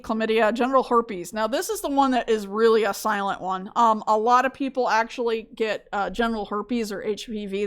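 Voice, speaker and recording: A woman giving a casual recorded biology lecture from home, chatty and digressive, laughing at her own stories. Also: fairly high pitch. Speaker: biology instructor.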